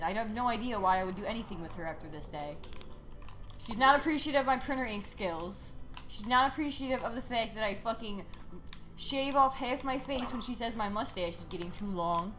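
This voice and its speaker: High bright gamer girl streaming, cussing a lot, yelling when she loses, sarcastic rants. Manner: frustrated, swearing, loud outbursts; sarcastic ranting. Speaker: game streamer. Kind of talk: live gameplay commentary.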